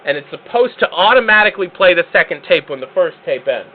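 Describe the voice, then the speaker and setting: A man hosting a live stream, chatting excitably and joking with casual swearing. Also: sits high, fast, phone-quality sound. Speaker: streamer host.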